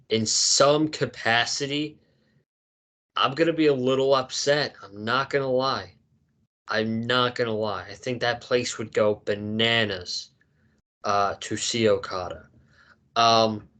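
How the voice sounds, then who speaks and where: A man's voice: medium pitch, a bit bright. Man, casual co-host, recaps segments, mid-range voice, conversational. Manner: recaps segments, quoting wrestlers in dialogue. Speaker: podcast co-host. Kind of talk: casual review chat.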